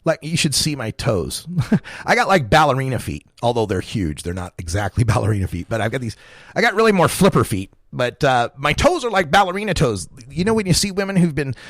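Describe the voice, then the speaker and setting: A man's voice: medium pitch, very animated, a little fast, a bit bright, no echo, studio quality. A man in his forties hosting a talk radio show, ranting with impassioned, profane energy and frequent chuckles. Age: 40s.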